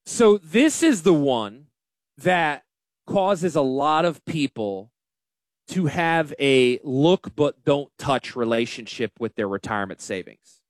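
A man hosting a casual financial radio show, talking in an animated, joking and self-deprecating way. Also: on the high side, takes it slowly, no room sound, studio quality. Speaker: financial advisor and radio host.

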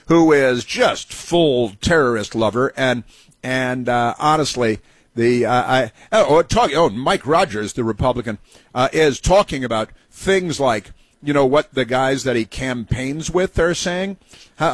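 A man's voice: mid-range voice, no room sound. A man hosting a talk radio show, delivering a rambling, sarcastic monologue full of fillers and restarts.

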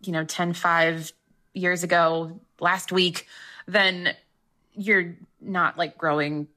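Bright-voiced chatty woman, low pitch. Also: little pitch movement, takes it slowly. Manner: chatty, peppered with "like". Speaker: guest author. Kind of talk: casual interview chat.

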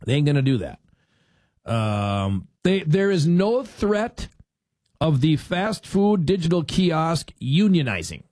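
A man's voice: fairly high pitch, big pitch swings, takes it slowly, a little mellow, dry recording. A man hosting a talk radio show in casual, rambling chat, sarcastic and full of restarts and self-corrections.

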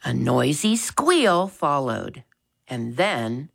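A woman narrating a children's storybook with a clear, expressive reading. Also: deep voice, a little slow. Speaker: audiobook narrator.

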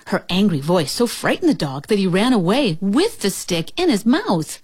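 A woman reading a children's storybook aloud in an expressive, lively manner. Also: medium pitch, moderate pace, hardly any pauses, breathy edge, dry recording, clean studio sound.

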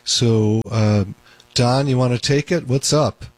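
A man's voice: medium pitch, takes it slowly, no room sound. A man hosting a call-in radio show as a doctor, talking in an emphatic, repetitive way. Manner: talkative, emphatic, repeats points.

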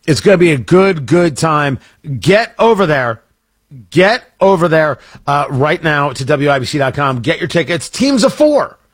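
Rambling, husky-voiced radio host. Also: male voice, a little high, sing-song, moderate pace, no echo. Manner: rambling, self-interrupting, jokey. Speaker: radio talk show host. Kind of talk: casual radio talk.

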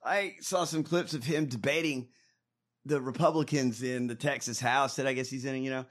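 A man's voice: medium pitch, normal speed. A man co-hosting a casual podcast, joking and swearing as he reacts to clips. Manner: animated, profane, joking. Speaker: podcast co-host. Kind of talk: casual political chat.

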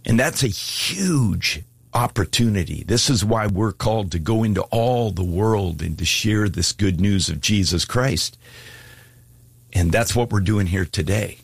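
Husky low-voiced male preacher. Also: lively intonation, measured pace, no echo. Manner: earnest, pleading, rising to fervent appeals. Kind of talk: sermon with altar call.

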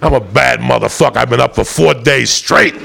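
A middle-aged man telling a profane, rowdy stand-up story, loud and rambunctious, with a gravelly voice. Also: a little fast. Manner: loud, profane, rambunctious, swings into high shouts. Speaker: stand-up comedian. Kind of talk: stand-up storytelling to a live audience.

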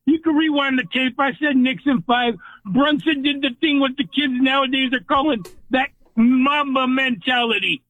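A man's voice: very high-pitched, normal speed, no room sound. A man calling into a sports radio show, opinionated and argumentative. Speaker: regular caller. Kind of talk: phone-in sports debate. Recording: tinny phone line.

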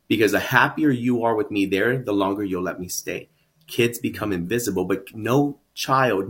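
A man's voice: lowish voice, fairly bright tone. A man, a guest in an interview, telling his own story earnestly and reflectively, often repeating words as he builds up. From San Antonio, Texas.

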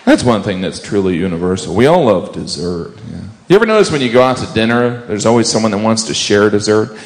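A man's voice: lowish voice, lively intonation, quick pace, hardly any pauses, echoey room. A man doing a stand-up routine, wry, mimicking other diners. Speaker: stand-up comedian. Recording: noisy live stage recording.

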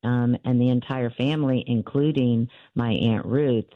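A woman's voice: extremely low pitch, fairly even intonation, measured pace, dry recording, phone-quality sound. Earnest woman author recounting family history. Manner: earnest, with frequent fillers and restarts. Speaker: author and interview guest. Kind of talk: personal storytelling in an interview.

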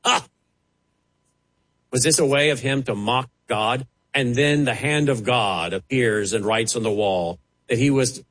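A man's voice: medium pitch, fairly bright tone, husky, poor audio. A man preaching a televised sermon with impassioned delivery and dramatic rises and drops in his voice.

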